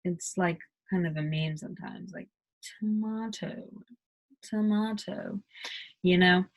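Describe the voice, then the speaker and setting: With a fairly low pitch and flat delivery, an American woman walks through pronunciation in a casual accent tutorial, peppering her chatty explanation with lots of "like." She speaks at a moderate pace, and the recording quality is low.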